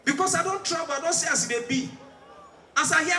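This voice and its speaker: A man's voice: very high voice, lively intonation, quick pace, sharp tone, a little hiss or hum. A man with a Nigerian accent doing stand-up comedy, telling stories in Pidgin and mimicking sirens and other people's voices. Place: large outdoor stage. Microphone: stage microphone. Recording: echoey live venue, mic at a distance.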